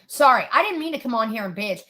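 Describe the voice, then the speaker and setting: Furious, high, bright-voiced woman ranting. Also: big pitch swings, fast. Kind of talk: angry rant.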